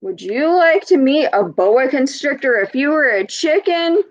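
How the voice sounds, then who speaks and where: A woman's voice: high voice, lively intonation, measured pace, highs cut off. A woman reading a picture book aloud to children, patiently asking them questions as she teaches. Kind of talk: storybook read-aloud with teaching.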